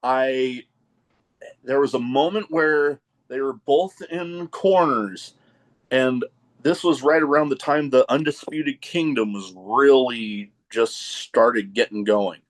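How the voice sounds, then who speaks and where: A man hosting a podcast, telling stories with excitement and often restarting his phrases. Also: mid-range voice, takes it slowly. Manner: excitable storyteller, repeats starts of phrases. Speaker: podcast host. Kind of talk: casual chat.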